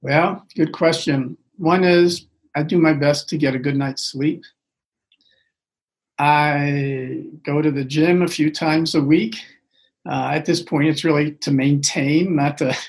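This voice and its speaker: Earnest older male doctor, slightly high voice. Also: vocal fry, low-quality recording. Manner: earnest, reflective, often restarting phrases. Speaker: physician guest. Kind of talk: interview conversation.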